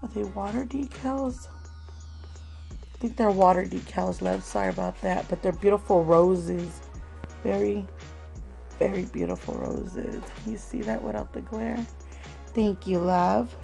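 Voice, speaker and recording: A woman hosting a craft swap unboxing vlog at home, talking slowly and gently and calling viewers "love" again and again. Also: mid-range voice, fairly even intonation, creaky, soft background music, rough recording. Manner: slow, gentle, calls viewers "love" often.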